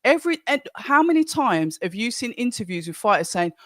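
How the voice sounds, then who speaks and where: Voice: medium pitch, sing-song, a little fast, fairly bright tone, no room sound, clean studio sound. Chatty Birmingham-accented stream host. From Birmingham, England. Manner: chatty, rambling, greets viewers by name. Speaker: livestream watch-along host. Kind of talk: casual live commentary and chat reading.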